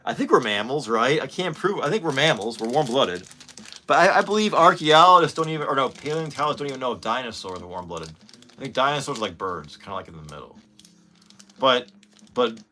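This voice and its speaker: A man in his forties talks his way through a casual vlog, rambling and excitable, with plenty of profanity. His voice is bright and forceful, at a middle pitch. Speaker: channel host.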